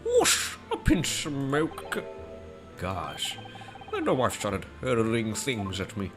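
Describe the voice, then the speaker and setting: A man's voice: medium pitch, wildly swooping pitch, very slow, full character voice. A man doing a pompous old British army man. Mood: boastful. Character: blustering older British retired army man. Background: game music.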